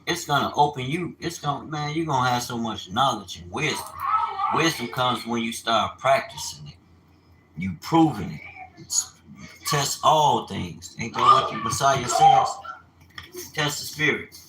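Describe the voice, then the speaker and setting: A man delivers informal religious teaching that slides into profane rants. His pitch swings widely, and he breaks into sudden shouts. A steady wash of ambient noise sits behind him. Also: a little slow, echoey room. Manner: animated, profane, bursts of shouting. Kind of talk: informal preaching and ranting. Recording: noisy ambient background.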